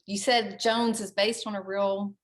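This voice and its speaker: A woman's voice: medium pitch, little pitch movement, a little slow. A woman co-hosting a casual book club interview, chiming in with short supportive remarks. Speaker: book club podcast co-host.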